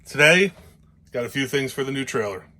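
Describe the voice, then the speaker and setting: A man with a New Jersey accent vlogs casually from inside a travel trailer, showing off his gear in a rambling, upbeat show-and-tell full of fillers. His voice sits at medium pitch, and he talks briskly and with animation.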